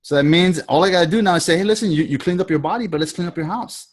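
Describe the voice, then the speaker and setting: A man with a somewhat high voice coaches a group over a video call. He rambles in a loose, casual way, restarting sentences and circling back to the same phrases. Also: very fast. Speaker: sales trainer leading a group call.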